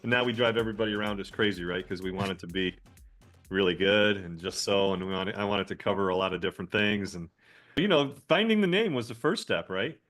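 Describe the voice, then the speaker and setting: A man hosting a casual podcast conversation, chatty and enthusiastic, often thinking out loud as he goes. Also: on the low side, fast talker, soft background music. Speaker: podcast host and dentist.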